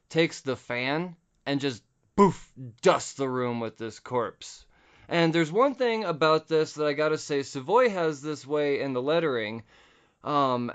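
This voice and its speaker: A man's voice: mid-range voice, smooth. A young man hosting a podcast, casually recapping a comic book, swearing freely and laughing at his own stumbles. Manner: loose, profane, laughs at himself. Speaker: podcast host. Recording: slightly dull lo-fi podcast audio.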